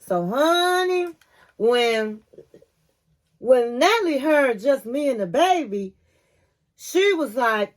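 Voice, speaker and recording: A high-voiced woman recaps a reality show in a casual, chatty way. She is opinionated and tells the story with lively expression, talking straight to her viewers. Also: slow pace, pauses often.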